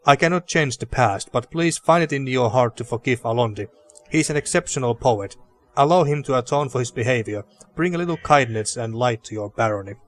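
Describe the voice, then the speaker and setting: A man voicing an older male teacher, gentle and pleading, in a measured, earnest reading of game dialogue. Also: mid-range voice, close to an everyday voice.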